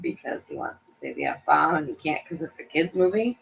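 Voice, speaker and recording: Middle-aged woman co-host, lively and animated, slightly low, on a muffled recording. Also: brisk, gravelly. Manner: animated, chatty, laughs a lot, puts on voices to quote people. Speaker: co-host, mother. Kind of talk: casual chat. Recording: dull lo-fi recording.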